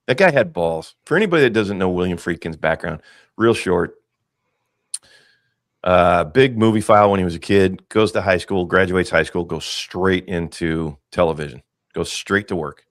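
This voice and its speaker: A man hosting a casual movie podcast, animated and rambling, joking and swearing freely. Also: sits low, a little fast, no room sound, clean studio sound. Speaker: podcast host.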